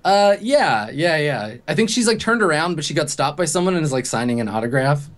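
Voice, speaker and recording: A man's voice: on the high side, sing-song, brisk. A man narrating a tabletop game as game master, in a casual, filler-heavy way with frequent laughs.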